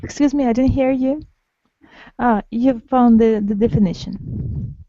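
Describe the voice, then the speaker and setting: Woman teacher in an online class, keeps echoing the students back, gravelly low-toned voice. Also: measured pace, warm tone, lo-fi sound. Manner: repeats students' words, patient and encouraging.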